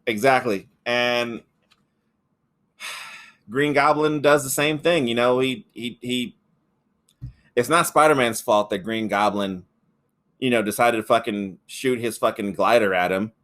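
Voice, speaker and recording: A man's voice: mid-range voice, a little slow, long pauses, a bit bright. Sex: man. Role: podcast co-host. Style: casual chat. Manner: rambling, swears often, acts out quotes. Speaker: podcast co-host reviewing a film.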